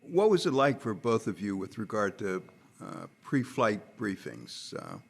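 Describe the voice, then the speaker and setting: A man interviewing a guest, asking his questions in a measured, deliberate way. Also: lowish voice, wildly swooping pitch, vocal fry, husky.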